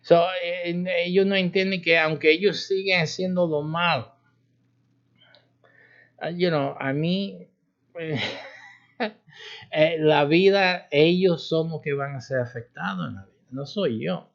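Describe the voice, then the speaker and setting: Man, pastor, informal sermon, demonstrative, fairly high-pitched, dull lo-fi audio. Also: normal speed, vocal fry, pauses often. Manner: informal and demonstrative, acting out stern warnings with chuckles. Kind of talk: sermon teaching.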